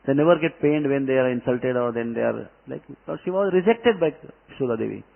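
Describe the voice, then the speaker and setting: A man's voice: medium pitch, animated, quick pace, vocal fry. A man giving a devotional scripture class, telling stories with emphatic delivery. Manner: storytelling, emphatic. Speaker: spiritual teacher. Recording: tinny phone-like line.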